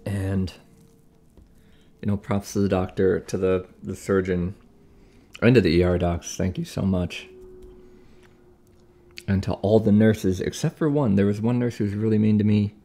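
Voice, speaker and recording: A young man tells a story in a casual, exasperated way, acting out what other people said. His voice sits low and has a gravelly edge. The tone is dark and mellow. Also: steady tone, measured pace, long pauses. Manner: chatty, exasperated retelling with acted-out quotes. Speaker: vlogger recovering from surgery. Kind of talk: casual storytelling while cooking.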